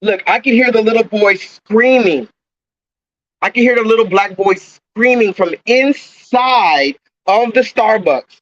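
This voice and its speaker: A man's voice: sits high, unhurried, fairly bright tone, no room sound, lo-fi sound. Agitated man ranting into his phone. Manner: agitated, repetitive ranting, swears often. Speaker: livestreamer. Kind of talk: ranting live stream monologue. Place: outdoors near a coffee shop. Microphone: phone held at arm's length.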